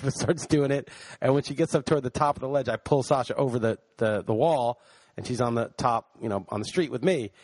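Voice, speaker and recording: A man's voice: mid-range voice, no echo. A man co-hosting a podcast, telling a story in casual chat and swearing now and then. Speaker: podcast co-host.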